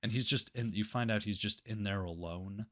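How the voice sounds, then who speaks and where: A man's voice: fairly low pitch, a little fast, a bit bright. A man co-hosting a casual movie review podcast, rambling through the plot with "like" in every phrase and swearing freely. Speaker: podcast co-host.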